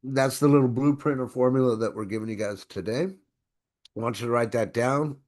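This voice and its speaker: A man hosting an online training session, coaching in an energetic, exclamatory way. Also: mid-range voice, normal speed. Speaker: host.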